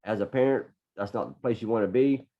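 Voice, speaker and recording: A man's voice: on the low side, fairly quick. A middle-aged man, a podcast guest, telling a personal story in an earnest way and often repeating words as he gathers his thoughts. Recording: dull lo-fi podcast audio.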